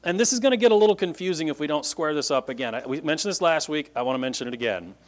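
A pastor giving a conversational Bible-teaching sermon to a congregation, explaining points and checking in with listeners by asking "right?" and "okay?". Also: male voice, a little high, animated, racing. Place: church meeting room with a congregation.

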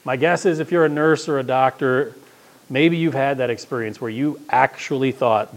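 A man preaching a sermon, his voice sitting in a middle register. He talks to the congregation in a casual, folksy way. He swings from loud, emphatic peaks down to hushed asides. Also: moderate pace. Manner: conversational, folksy, with wide swings of pitch and loudness.

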